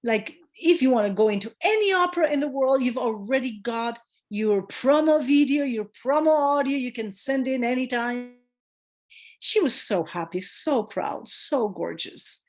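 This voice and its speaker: A woman midwife talks as a guest in a conversational interview, her fairly high voice swooping up and down as she tells a story. She is emphatic and acts out the voices of the people in it, with the odd hesitant filler. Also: normal speed. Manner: animated storyteller who acts out quoted voices.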